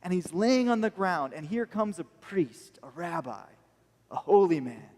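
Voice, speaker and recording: An American man preaches a sermon with a high-pitched voice, telling his story earnestly and with feeling. His voice rings with a long reverb from the church hall around him. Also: big pitch swings, measured pace, a little mellow. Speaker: pastor.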